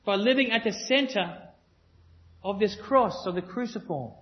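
Speaking a little slowly in a voice that sits high, this pastor delivers an earnest, emphatic sermon to his congregation. Phrases get repeated and he jokes with the crowd, all on dull, lo-fi audio.

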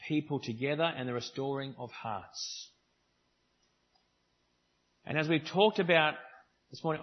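A man's voice: medium pitch, slightly rough, muffled recording. A man preaching a sermon at a church service, in a conversational style with varied emphasis. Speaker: pastor.

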